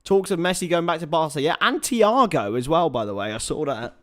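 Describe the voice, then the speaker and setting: Fairly high in pitch and fairly quick, a man hosts a football watchalong live for his viewers. He moves between commentary on the game and casual chat, dropping swear words, calling everyone lads, and shouting loudly when excited.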